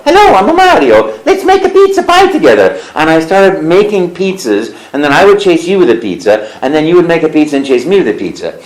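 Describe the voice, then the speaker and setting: A man being interviewed as a voice actor, telling stories in an animated way and slipping into character voices. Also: a little high, reverberant, rough recording. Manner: lively storyteller who slips into character voices. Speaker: voice actor guest. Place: convention interview room.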